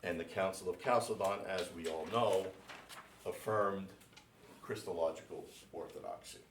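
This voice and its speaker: A priest giving a classroom lecture, speaking slowly and deliberately and spelling out names letter by letter for his class. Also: sits low, slight background noise. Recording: echoey room, mic at a distance.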